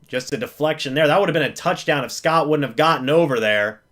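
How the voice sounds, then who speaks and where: A man's voice: a little high, fast, a bit bright. A man calling a football game live as a fan, narrating each play and then pleading with the referees and groaning at the calls.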